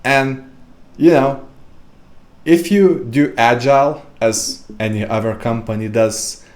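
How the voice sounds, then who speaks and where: A man talks through a casual podcast monologue at a middle pitch, rambling and loose with lots of fillers. His tone turns sarcastic as he riffs, with sudden jumps up in pitch for emphasis. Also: slow pace, darkish tone. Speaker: podcast host.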